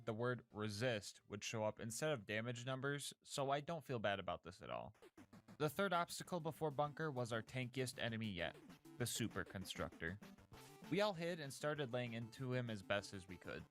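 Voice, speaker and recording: A man's voice: mid-range voice, lively intonation, normal speed, fairly bright tone, faint music behind. A man narrating a scripted gameplay recap of a challenge run in a jokey, upbeat, slangy way.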